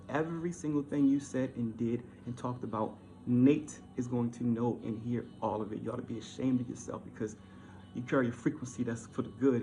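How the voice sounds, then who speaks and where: A man delivering a heated, repetitive monologue, swinging from loud outbursts to low mutters. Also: gravelly, a little hiss or hum. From Baltimore. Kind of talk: ranting monologue.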